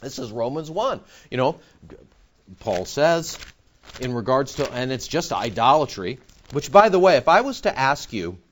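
A man preaching a sermon, animated and conversational, acting out other people's voices in his stories. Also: medium pitch. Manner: animated, mimics voices in anecdotes. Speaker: pastor.

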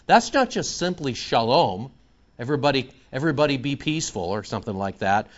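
A man preaching an expository sermon, reading scripture slowly and then explaining it conversationally. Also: mid-range voice, lively intonation, muffled recording. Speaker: preacher teaching the Bible.

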